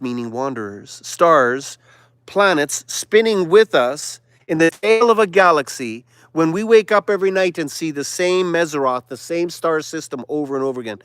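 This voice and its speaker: A man hosting a livestream, giving a preachy monologue that swings from loud declarations to hushed whispers. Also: a little high, clean tone, no room sound. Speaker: livestream host.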